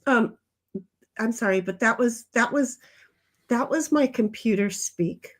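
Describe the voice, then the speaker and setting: A high-voiced older woman hosts a laid-back livestream, going a little slowly as she drifts from one chat comment to another. Her talk is blunt, with the odd swear word.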